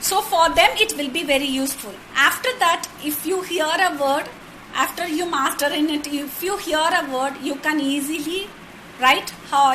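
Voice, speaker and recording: A woman's voice: sits high, pushed and bright, slight background noise, low-quality recording. A woman teaching a poetry workshop, patiently sounding words out syllable by syllable. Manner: thanks viewers by name with honorifics. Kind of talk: live online workshop lesson.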